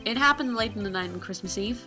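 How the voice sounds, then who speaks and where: A woman's voice: mid-range voice, quick pace, music in the background, lightly acted. A woman voicing a meek young male lawyer who stammers and hesitates, in a fan game dub.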